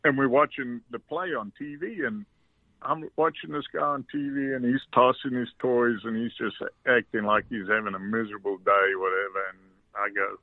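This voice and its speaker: A man from South Africa with a South African accent, a golfer guest telling relaxed anecdotes with salty language on a casual interview. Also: mid-range voice, moderate pace, no room sound. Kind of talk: casual storytelling. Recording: dry tinny phone line.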